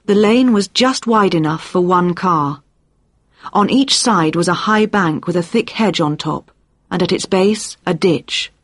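A narrator reading a crime story aloud in a steady, even storytelling manner. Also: medium pitch, a little slow, breathy edge, no room sound, clean studio sound. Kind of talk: audiobook narration.

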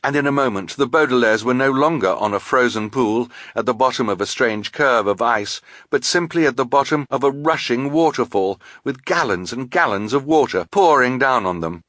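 A man reading a children's novel aloud in a measured storytelling manner. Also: mid-range voice, a bit bright, dry recording, studio quality. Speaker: audiobook narrator. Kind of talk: scripted narration.

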